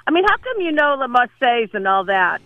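A man's voice: very high-pitched, dry recording, phone-quality sound. A man co-hosting a radio interview, enthusiastic about musicals. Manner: enthusiastic, talks fast when excited. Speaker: radio co-host.

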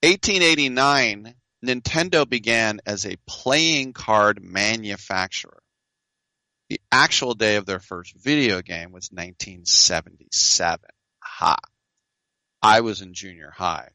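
A man in his fifties hosting a casual game talk show, animated and jokey, with quick asides and playful mock dialogue. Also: fairly low pitch, dry recording. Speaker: video game show host. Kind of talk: casual chat about games.

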